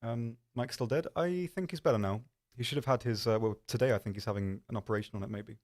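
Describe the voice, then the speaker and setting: A man's voice: medium pitch, fast, a little mellow. A man hosting a live stream, chatting casually in a rambling, self-deprecating way with lots of ums. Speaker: stream host.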